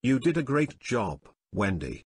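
A man's voice: medium pitch, very animated, measured pace, husky, no echo, studio quality. A man playing a scheming restaurant chef.

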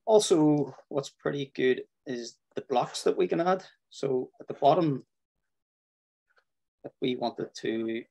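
A man walking viewers through building a website, talking in a relaxed way with fillers, over a video call. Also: medium pitch, creaky. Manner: relaxed, thinking aloud with fillers. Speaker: web design instructor. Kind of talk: screen-share tutorial walkthrough.

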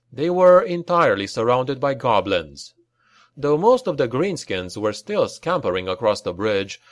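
A man narrating a fantasy battle audiobook with slow, deliberate reading and acted dialogue. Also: medium pitch, no echo.

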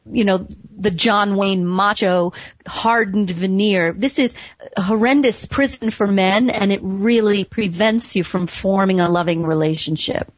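A woman's voice: mid-range voice, no room sound, lo-fi sound. A woman hosting a radio talk show, speaking in an effusive way and laughing often. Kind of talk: casual interview chat.

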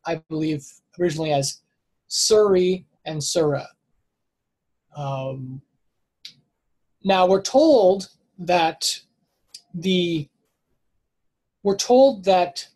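A man giving a casual, unscripted scripture lesson, thinking aloud, stopping to correct himself and filling pauses with "um" and "like". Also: high-pitched, darkish tone, husky, low-quality recording. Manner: hesitant, self-correcting, thinks aloud with many fillers. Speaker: Bible study teacher.

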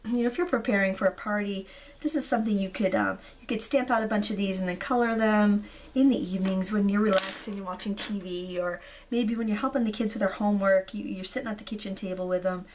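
Craft tutorial host: woman, 30s, slightly hoarse, chatty and relaxed, faint noise behind. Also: mid-range voice. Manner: chatty, relaxed, frequent ums. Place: indoors at a craft table.

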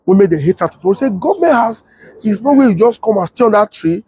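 Husky man with Nigerian Pidgin accent. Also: fast. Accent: Nigerian Pidgin English. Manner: switches to high excited voice when quoting others. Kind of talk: animated storytelling with acted-out quotes.

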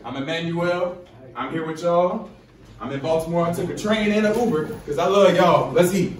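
A man in his twenties from Chicago with a Chicago accent, giving a motivational, preacher-like speech to high schoolers. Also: moderate pace, slight background noise. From Chicago, USA. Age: 20s. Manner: fired-up, preacher-like call and response. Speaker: medical student speaking to high schoolers. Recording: roomy echo, from far off.

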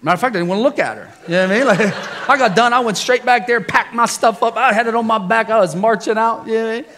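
A man preaching a relaxed, conversational sermon to his congregation, telling personal stories with frequent chuckles and questions to the crowd. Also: extremely high pitch, fast, slight background noise. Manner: jokey, chuckles often, asks the congregation questions. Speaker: pastor. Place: church service before a congregation.

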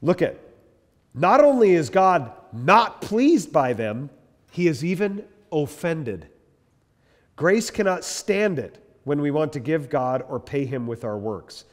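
A man's voice: a little high, slow. A man, a pastor, giving an emphatic, conversational church history lecture to a live group. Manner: animated, emphatic, conversational with the room. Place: church hall with long reverb. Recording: echoey hall reverb.

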